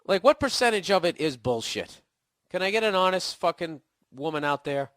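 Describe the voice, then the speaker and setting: A man's voice: fairly high pitch, lively intonation, normal speed, a bit bright, dry recording, clean studio sound. A man getting over a cold, ranting casually and profanely as a podcast host, blunt and sarcastic. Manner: blunt, swearing, sarcastic asides. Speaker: podcast host answering a listener email. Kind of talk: casual profane comedic rant.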